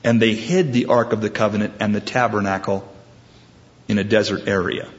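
A man's voice: lowish voice, steady tone, fairly quick, lo-fi sound. A male preacher giving a sermon in a conversational way, with frequent restarts, moving between teaching and storytelling.

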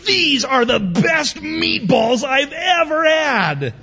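A man's voice: very high voice, sing-song, slow, bright, forceful tone, some chatter behind, slight background noise, pitched above the performer's own voice, full character voice. A man voicing a stubborn little boy who draws out his words smugly, in a dull lo-fi recording. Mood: delighted.

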